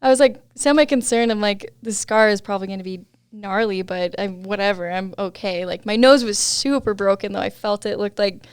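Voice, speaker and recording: A woman's voice: medium pitch, a little fast, smooth, no room sound, clean studio sound. A young adult woman, a podcast guest, telling a story in casual chat, laughing often and saying "like" a lot.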